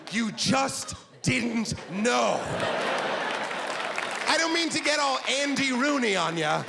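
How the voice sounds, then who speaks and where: A man doing a stand-up comedy set on a club stage, animated and quick to jump into silly voices, recorded live with audience laughter. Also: very high-pitched, vocal fry, noisy background.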